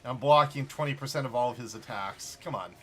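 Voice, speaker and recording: Bright-voiced male gamer chatting casually. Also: mid-range voice, a little fast. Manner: relaxed, joking asides while playing. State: slight tickle in throat. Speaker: streamer. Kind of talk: casual gameplay chat.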